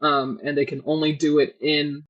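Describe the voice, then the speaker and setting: A woman cohosting a podcast, recapping a book in a casual, animated and profane way. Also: low voice, normal speed, muffled recording.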